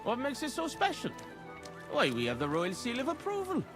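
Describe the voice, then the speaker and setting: An actor voicing a jolly young village ringleader, lively and quick to laugh. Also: male voice, very high voice, over music, exaggerated voice.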